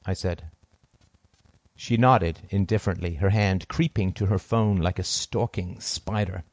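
A man narrating a first-person story in a cold, deliberate, sardonic manner. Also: on the low side, lively intonation, darkish tone, no echo.

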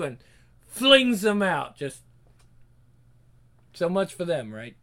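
A man retells scenes in a loose, joking way and keeps stopping to fix his own mistakes. His voice is fairly high and bright, and he takes his time. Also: big pitch swings, measured pace, pauses often. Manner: joking asides that correct himself. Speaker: storyteller. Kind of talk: casual chat.

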